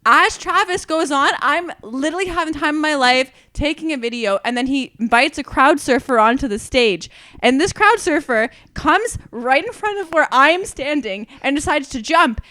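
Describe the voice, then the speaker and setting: A young woman tells a story on a podcast with a high, bright voice. She swears freely and laughs her way through the telling. The sound is close and dry. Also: lively intonation, normal speed, no room sound. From Canada. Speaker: podcast co-host. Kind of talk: casual storytelling chat.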